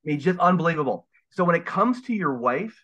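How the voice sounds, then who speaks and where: Emphatic preachy male guest, slightly high voice, dull lo-fi recording. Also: animated, fairly quick, a bit bright. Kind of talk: casual podcast interview. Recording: dull lo-fi sound.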